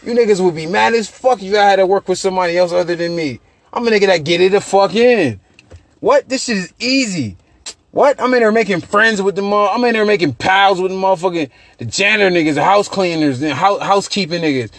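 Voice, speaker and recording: A young man, a podcast host telling profane, animated stories with loose repetitions. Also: high voice, brisk, dry recording. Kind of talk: casual chat.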